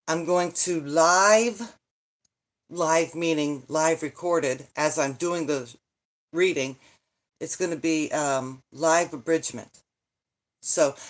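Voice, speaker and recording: An older woman, a channel host who reads books aloud, chatting casually and rambling, interrupting herself and sighing over a tedious book. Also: sits low. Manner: rambling, self-interrupting, dramatic sighs and complaints. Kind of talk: casual live chat and reading.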